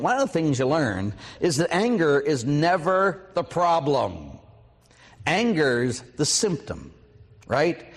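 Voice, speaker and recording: A middle-aged priest with a rather high voice preaches a mission talk, a long reverb tail trailing his words. He narrates personal stories, voices quoted speakers vividly, and asks the audience questions.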